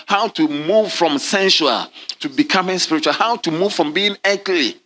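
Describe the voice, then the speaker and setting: A man preaching a sermon as a bishop, calling out to his congregation and sometimes dropping into low murmurs. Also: normal speed, bright, forceful tone. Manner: call-and-response preaching, drops to low murmurs at times. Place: large church hall.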